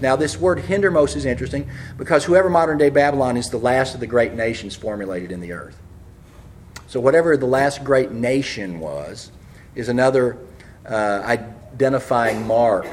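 A fervent male preacher with a medium-pitched voice delivers a prophecy sermon. He speaks fast, even apologizing for his speed, and grows loud when reading scripture.

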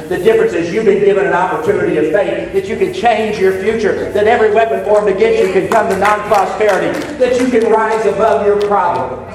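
An older man preaching a sermon, swinging between loud shouted points and quiet, joking asides to his congregation. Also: high voice. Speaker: pastor. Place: church sanctuary. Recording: echoey church hall from far off.

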